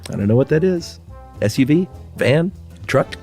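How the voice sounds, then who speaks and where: A man co-hosting a podcast in casual chat, tossing in dry, easygoing asides and quick agreement. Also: medium pitch, lively intonation, mellow, soft background music. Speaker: podcast co-host.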